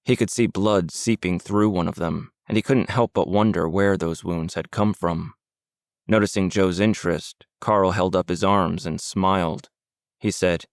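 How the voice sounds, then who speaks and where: Audiobook narrator, male, deep gravelly voice, steady and measured. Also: no room sound, studio quality. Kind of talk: scripted narration.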